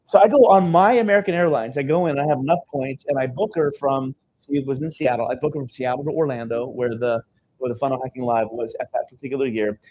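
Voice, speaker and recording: A man's voice: mid-range voice, fast, dark tone, poor audio. A man speaking on stage at a live seminar, telling stories in a conversational way and often checking in with "okay?". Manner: conversational storytelling, frequent "okay?" check-ins. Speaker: seminar speaker and business coach. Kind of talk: live sales seminar talk.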